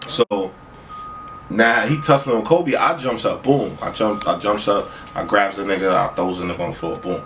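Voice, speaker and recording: A man telling a street story in casual talk, acting out other people's lines in a high voice. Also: moderate pace, a bit bright. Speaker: storyteller on a podcast. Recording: far from the mic, faint noise.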